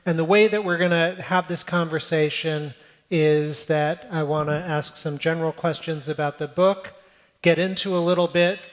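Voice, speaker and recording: A man leads a public conversation from the stage with a fairly high voice and a brisk, friendly manner, pausing now and then on an "um". The sound rings out with a long reverb off the hall around him. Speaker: interviewer and moderator. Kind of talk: onstage conversation with storytelling. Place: event hall before a live audience.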